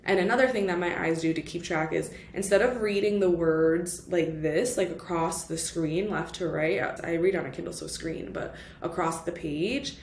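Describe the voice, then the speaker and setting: A woman talks casually through a book she has just finished, her voice sitting a little low. She leans on fillers like "like" and "you know" and slips in the odd Spanish phrase. The room is echoey, with a faint ambient hum behind her. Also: normal speed, few pauses, a little mellow. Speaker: book vlogger. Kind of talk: casual book review chat.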